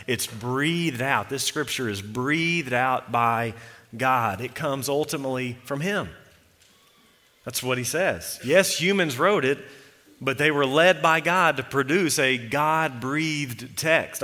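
A man preaching a sermon as pastor of a church, measured and deliberate, slowing down to stress key words. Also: medium pitch, bright, forceful tone, in a large hall. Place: church sanctuary.

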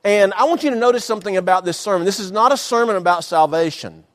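Man, pastor, high voice, sermon, emphatic repetition, folksy humor, church sanctuary. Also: fairly bright tone. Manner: dynamic preaching with dramatic pauses and emphatic repetition.

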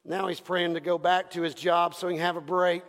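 A man preaching a sermon as pastor, impassioned, swinging from hushed passages to shouted ones. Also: high-pitched, little pitch movement, a little fast. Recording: long reverb from a large hall.

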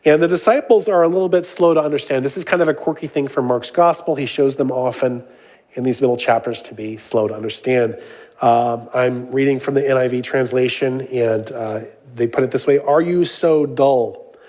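A man's voice: mid-range voice, steady tone, brisk, a little mellow. A man preaching a sermon, reading scripture aloud and then explaining it in a casual way, with frequent "uh" and "um" fillers and jokes mixed in. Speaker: pastor.

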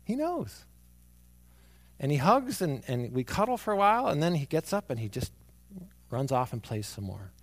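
A man preaching a sermon, moving from hushed, near-whispered lines to emphatic ones as he tells stories about his young son. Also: on the high side, very animated, normal speed, pauses often. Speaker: pastor.

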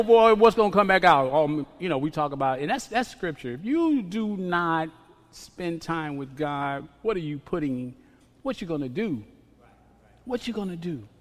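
Man preaching in an echoing hall. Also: sits high. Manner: dynamic, swings from quiet to loud, repetitive refrains. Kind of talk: sermon. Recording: long reverb of a large hall.

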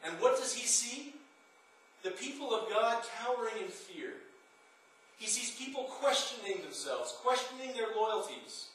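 A man's voice: extremely high pitch, sing-song, a little slow, a bit bright, a little hiss or hum. A man preaching a sermon, telling a story dramatically and rising to impassioned peaks. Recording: echoey room from far off.

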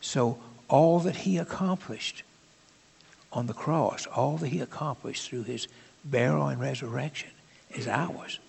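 A man preaching a sermon in a conversational, halting way, with asides to the congregation. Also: medium pitch, gravelly, a little mellow, slightly rough, long reverb tail.

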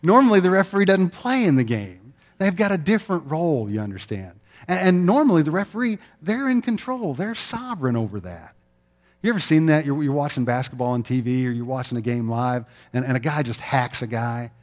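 A middle-aged man preaching a sermon, telling stories in an animated way and acting out the quotes with laughter. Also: fairly high pitch, fairly quick. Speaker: pastor.

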